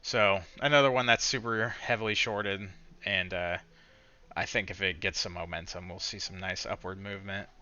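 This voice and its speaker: A man's voice: low voice, fairly even intonation, moderate pace, bright, forceful tone, dull audio. A man recapping his day of trading in a casual, frustrated rant, swearing and restarting his sentences often.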